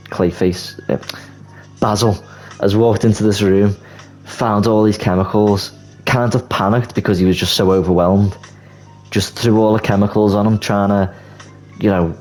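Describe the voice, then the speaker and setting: A young man with a low voice narrates a film idea in an animated, casual way. He stumbles and restarts as he gets excited. A soft music bed runs under him. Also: rough recording. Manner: animated storytelling, swearing, quick restarts. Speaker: YouTuber. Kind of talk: casual movie plot pitch.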